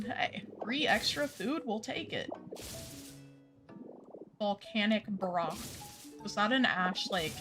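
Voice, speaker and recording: A woman streaming a video game, chatting casually with her viewers and leaning on filler words as she talks. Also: medium pitch. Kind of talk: casual gameplay chat with chat. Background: game music.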